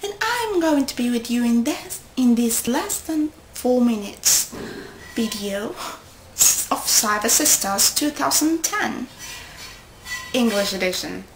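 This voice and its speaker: A young woman vlogging casually to her friends, rambling and excitable, often stopping to correct herself. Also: on the high side, slow, noisy background. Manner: rambling, excitable, with self-interruptions. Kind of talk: casual chat to camera. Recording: echoey room.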